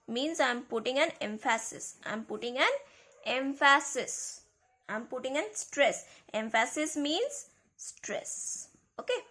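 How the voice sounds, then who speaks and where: A woman teaching a grammar lesson to schoolchildren, speaking slowly and repeating key words. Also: sits high, animated, a bit bright. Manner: slow, repeats key words, addresses kids.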